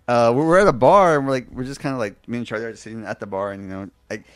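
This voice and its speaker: Podcast co-host, man, mid-pitch, rambling and filler-heavy. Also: very fast, no echo. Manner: rambling anecdotes with many fillers, self-mocking. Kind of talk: casual chat.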